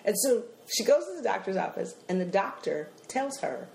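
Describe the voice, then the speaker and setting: A woman telling funny family stories in casual chat, animated and full of acted-out voices. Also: mid-range voice, moderate pace, vocal fry, slight background noise. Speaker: comedian storyteller. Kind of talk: comic storytelling chat. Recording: echoey room.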